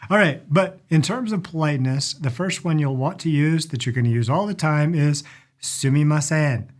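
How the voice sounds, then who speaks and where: A middle-aged man giving a casual lesson on polite phrases, repeating each word slowly for learners. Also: fairly high pitch, animated. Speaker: language and culture teacher. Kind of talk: casual instructional talk.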